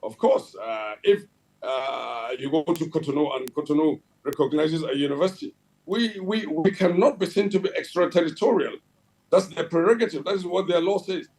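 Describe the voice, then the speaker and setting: Guesting on a television interview, the Nigerian head of a regulatory agency responds formally and officially, with many fillers and restarts. He talks at normal speed in a fairly high, animated, darkish voice with vocal fry, on a rough recording.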